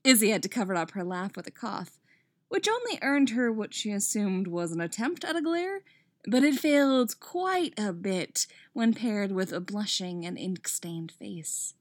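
Her voice at medium pitch and unhurried, a woman reads fan fiction romance aloud in expressive style, blurting out surprised comments and curse words mid-read. The sound is studio quality with no echo.

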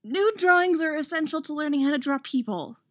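A woman voicing a nervous, rambling young female art student in a read-aloud story, higher and faster than her own voice. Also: lively intonation, no echo, studio quality. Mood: flustered. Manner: flustered, rambling, quick.

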